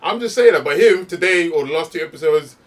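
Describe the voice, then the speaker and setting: A man's voice: on the high side, lively intonation, fast, distant mic. A man co-hosting a podcast, nitpicking and complaining in casual chat. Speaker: podcast co-host.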